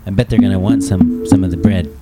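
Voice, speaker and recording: A man's voice: low-pitched, steady tone, fast, loud music behind the voice. A man co-hosting a podcast, tossing in short, playful comments and laughs. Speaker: podcast co-host. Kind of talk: casual chat.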